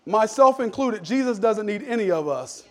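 A man pastor preaching a sermon, calling for amens and swinging between loud emphatic lines and low asides. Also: lively intonation, normal speed. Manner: call-and-response preaching, asks for amens.

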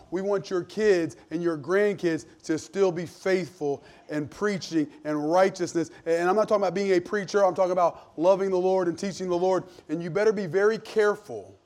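A man's voice: high-pitched, normal speed, hardly any pauses, a little mellow. A man, preaching a sermon as pastor in an earnest, emphatic, conversational way with frequent restarts. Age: 40s.

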